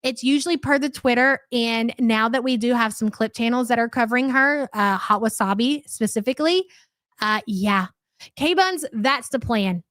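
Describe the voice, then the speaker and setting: A woman's voice: fairly high pitch, normal speed, a bit bright, no echo, clean studio sound. A woman hosting a live commentary stream, chatty and sarcastic as she reacts to clips and thanks viewers. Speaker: livestream commentary host.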